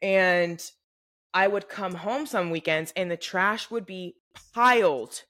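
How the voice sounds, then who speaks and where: A young woman co-hosting a podcast, telling a story in a casual, animated, profane way and acting out what people said. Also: fairly low pitch, slow. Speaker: podcast co-host. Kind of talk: casual chat.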